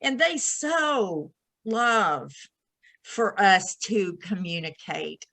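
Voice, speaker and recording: Slow-speaking, bright-toned woman. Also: mid-range voice, animated, vocal fry, no room sound, low-quality recording. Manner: thoughtful, affirming, unhurried. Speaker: podcast guest. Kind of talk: casual chat.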